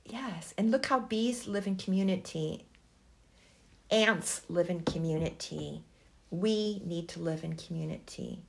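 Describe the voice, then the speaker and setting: A woman telling a personal story slowly and reflectively in an interview, with feeling. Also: on the low side, vocal fry. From United States. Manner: slow, reflective, emotional. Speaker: guest.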